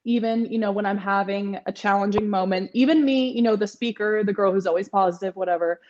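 A woman's voice: mid-range voice, a little fast, a little mellow, slight background noise. Chatty woman in her twenties, muffled audio. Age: 20s. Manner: chatty, many fillers, laughs often. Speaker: podcast guest. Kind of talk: casual interview chat.

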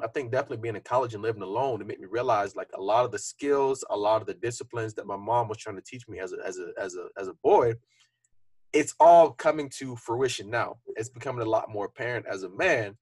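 Young man, podcast co-host, quick talker, slightly husky, earnest, casual. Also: medium pitch, no echo. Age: young adult. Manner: earnest, reflective, conversational with frequent fillers.

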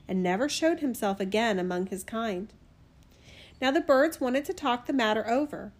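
A woman reading a fairy tale aloud in an expressive, animated storytelling manner. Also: on the high side.

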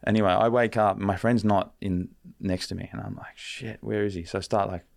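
Young man, deep voice, creaky, rambling casual storytelling, podcast guest. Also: little pitch movement, brisk. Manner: rambling, laid-back, sprinkled with swearing and fillers.

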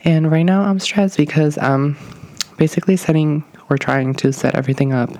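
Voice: mid-range voice, fairly even intonation, normal speed, a little mellow, no echo. A young adult podcast host talking casually on their own, nervous and out of breath, rambling with lots of fillers and hedges. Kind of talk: casual solo podcast monologue.

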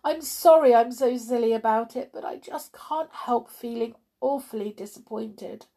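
A woman voicing a small, tearful little girl who is gentle and eager. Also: on the high side, very animated, normal speed, slightly rough, voice pushed up. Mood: disappointed.

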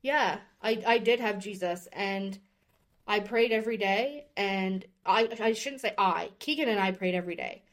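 A woman's voice: medium pitch, moderate pace. Woman in her 30s, earnest and emotional, telling her own story on a podcast. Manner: earnest and openly emotional, speaking candidly. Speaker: guest sharing her story. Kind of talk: personal storytelling in a podcast interview.

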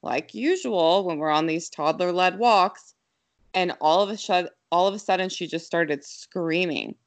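A young adult woman casually telling a story, quick and animated, full of fillers. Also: lowish voice.

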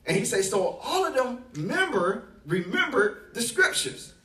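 A man preaching a sermon as pastor, telling a story and building to loud, emphatic delivery. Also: very high-pitched, big pitch swings, unhurried, reverberant, recorded from a distance.

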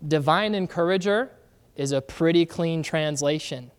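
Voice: mid-range voice, unhurried, clean tone. A pastor preaching a sermon in a casual, conversational way, often throwing questions out to the congregation. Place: church sanctuary. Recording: long reverb of a large church hall.

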